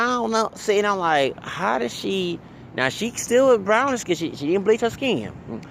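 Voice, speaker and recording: A man's voice: a little high, a bit bright, slight background noise. A man from Texas, ranting casually as a vlogger, rambling, stumbling over repeated "uh"s and tagging lines with "okay?". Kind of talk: casual rant to camera.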